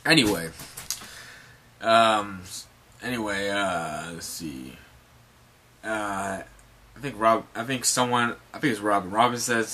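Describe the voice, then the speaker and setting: A man's voice: fairly low pitch, takes it slowly, pauses often, sharp tone. A man retelling a manga chapter in a rambling, profane, casual way, full of fillers and restarts. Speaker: manga recap vlogger. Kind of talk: casual comic recap.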